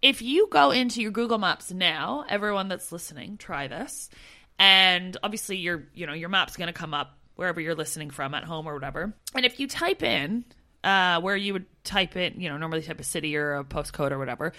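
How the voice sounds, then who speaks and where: A woman with a lower, bright and forceful voice talks through a how-to tip for listeners. She explains it loosely, with plenty of "you know" and "whatever.". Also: animated, a little fast. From not from the country she now lives in. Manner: explaining, loose and full of fillers. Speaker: podcast co-host. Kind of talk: casual chat.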